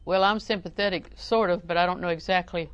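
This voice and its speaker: A middle-aged woman preaching a sermon in a folksy, humorous way, often chuckling and breaking into loud acted exclamations. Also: lowish voice, steady tone, a little fast, clear, resonant tone, dry recording, highs cut off.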